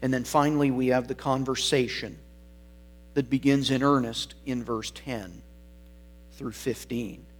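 A man's voice: mid-range voice, fairly even intonation, a little slow. A man preaching a sermon, explaining scripture verse by verse and repeating key words for emphasis. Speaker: pastor.

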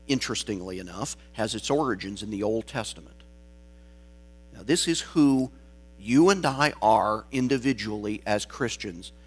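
A man delivers a sermon at an unhurried, measured pace, leaning on key words for emphasis. His voice sits at an ordinary pitch for a man. A faint electrical hum runs under the recording. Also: fairly bright tone. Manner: slow, deliberate preaching with emphatic stresses. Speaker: pastor.

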